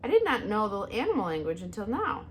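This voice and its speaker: A woman voicing a calm polite robot. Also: mid-range voice, quick pace, slight background noise.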